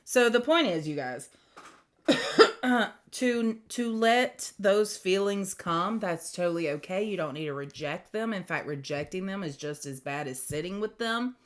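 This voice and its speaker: A woman giving a casual, rambling tarot reading, chatty and quick to laugh. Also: mid-range voice, animated. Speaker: tarot reader.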